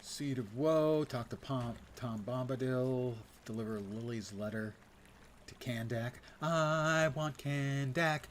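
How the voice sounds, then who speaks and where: A man's voice: medium pitch, takes it slowly, slight background noise. An older man giving casual, wry commentary while streaming a game and reading quest text aloud.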